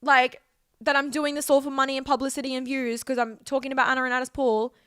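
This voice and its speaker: A woman's voice: sits high, little pitch movement, quick pace, a bit bright, clean tone, dry recording, studio quality. A woman, talking straight to camera in a heated, swear-filled, emotional rant. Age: 20s. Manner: heated, profane, emotional outpouring. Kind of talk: direct-to-camera vlog rant.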